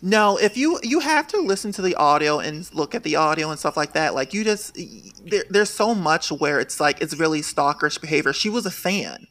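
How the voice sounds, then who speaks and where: A young man hosting a podcast, chatting about reality TV gossip in an animated, sassy way with sudden shrill outbursts. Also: moderate pace, few pauses. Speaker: podcast host. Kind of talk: casual gossip chat.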